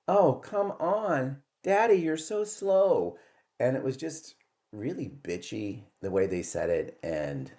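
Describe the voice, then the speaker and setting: Low-voiced wry older man vlogging. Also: darkish tone. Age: 60s. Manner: chatty, wry, self-deprecating storyteller. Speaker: vlog host. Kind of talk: casual monologue to camera.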